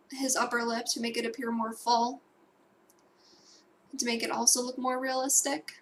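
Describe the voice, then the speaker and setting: In a casual voice-over recorded at home, a young woman explains digital painting in a somewhat high, slightly bright voice that barely moves in pitch. She keeps a moderate pace while rambling, correcting herself, and tossing in fillers and asides, over a faint hiss or hum.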